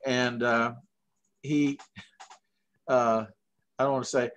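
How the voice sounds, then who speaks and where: A middle-aged man from Georgia with a Southern accent, telling long, animated anecdotes full of fillers in a casual interview. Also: mid-range voice, slow pace, slight background noise. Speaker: guest puppeteer.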